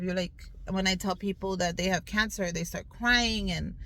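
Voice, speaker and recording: A woman's voice: fairly low pitch, fairly even intonation, moderate pace, bright, forceful tone, a little hiss or hum, low-quality recording. A woman in her thirties telling her health story in a casual vlog, earnest and upbeat, talking straight to viewers from a car. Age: 30s. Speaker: vlogger. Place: in a parked car outdoors in sun.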